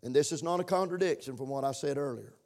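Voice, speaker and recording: A pastor preaching a sermon in church, rising to loud emphatic passages and dropping to quiet asides. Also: male voice, mid-range voice, fast.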